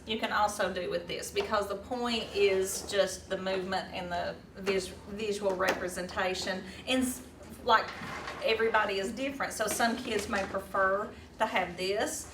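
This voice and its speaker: A woman leading a hands-on teaching workshop, talking casually with fillers and restarts. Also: medium pitch. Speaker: teacher trainer. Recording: roomy echo, distant mic, faint room noise.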